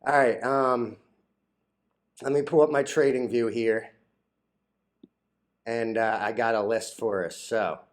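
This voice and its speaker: A man's voice: mid-range voice, steady tone, takes it slowly, pauses often. A man vlogging about stocks in a crude, rambling casual rant, full of "like" fillers, laughing at his own jokes and getting easily flustered.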